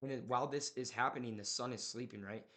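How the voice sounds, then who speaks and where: A man's voice: mid-range voice, fast talker, bright, forceful tone. A young man in casual chat, retelling a horror movie plot in a rambling way, full of filler words and slang.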